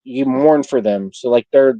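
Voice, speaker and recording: A man's voice: medium pitch, a little slow, mellow, no room sound, poor audio. A man chatting casually on a livestream panel, boisterous and profane, bragging and joking.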